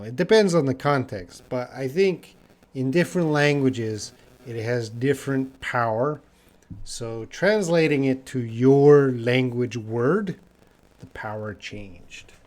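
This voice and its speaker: A young man from Canada teaching English live, answering chat questions casually and repeating phrases slowly for learners. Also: mid-range voice, darkish tone.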